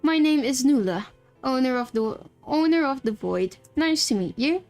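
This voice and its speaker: Girl doing a bossy british void lord from a game, snippy and impatient, higher voice. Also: animated, moderate pace, darkish tone, soft background music. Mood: lordly. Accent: put-on British. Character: haughty male ruler of a void. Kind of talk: reading game dialogue aloud.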